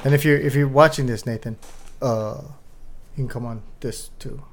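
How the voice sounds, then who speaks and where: A man's voice: medium pitch, fairly even intonation, normal speed. A man co-hosting a casual show, teasing and joking. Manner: teasing, jokey. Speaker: co-host. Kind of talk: casual banter.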